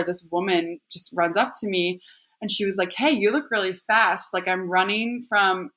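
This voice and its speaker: A woman's voice: medium pitch, pushed and bright. A woman guest on a podcast, chatting casually and laughing often, with a lot of "like" in her speech. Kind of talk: casual chat.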